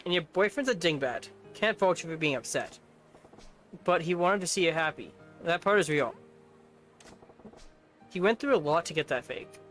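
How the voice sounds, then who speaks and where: A man's voice: on the high side, fairly bright tone. A man playing a blunt, streetwise yakuza in a video game who lectures in slangy talk. Faint game music plays beneath. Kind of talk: reading game subtitles aloud in voices.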